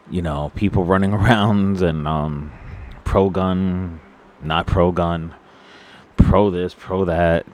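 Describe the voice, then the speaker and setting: A man with a very low, deep voice talks straight to his viewers in an unscripted monologue. He is solemn and earnest, and often stops to restart his sentences or reach for words. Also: a little mellow. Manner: halting and solemn, with many fillers and restarts; earnest, sorrowful. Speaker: vlogger.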